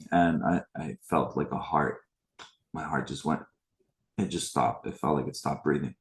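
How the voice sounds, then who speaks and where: A man's voice: rumbling low, steady tone, normal speed, a little mellow. A man in his forties from the Middle East, hosting a spiritual retreat and casually sharing his life story with a live online group, greeting attendees by name.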